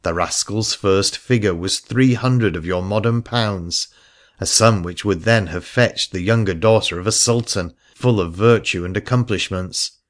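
A man narrating a first-person seafaring adventure story in a measured reading voice. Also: fairly low pitch. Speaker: audiobook narrator.

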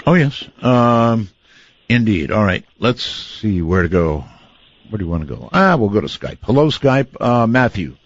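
A man hosting a late-night call-in radio show, drawling and wry and quick to laugh. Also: on the low side, very animated. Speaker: radio talk show host. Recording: slightly dull radio audio with faint music.

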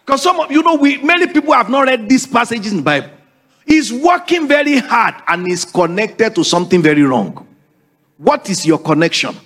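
A man's voice: high voice, sing-song, moderate pace, fairly bright tone. A man preaching a sermon, emphatic and repetitive, calling on the congregation to repeat after him. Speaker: pastor.

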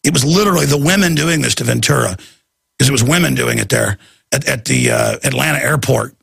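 A man's voice: medium pitch, fairly quick, gravelly, a bit bright, slightly rough, no echo, studio quality. A man hosting a talk show, rambling through a casual monologue with restarts and acted-out quotes.

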